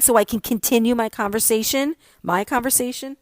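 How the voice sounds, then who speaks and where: A woman's voice: fairly high pitch, fairly even intonation, fast talker, no echo. A middle-aged woman hosting a podcast, chatting casually and animatedly about her pet peeves. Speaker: podcast host. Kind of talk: casual solo podcast chat.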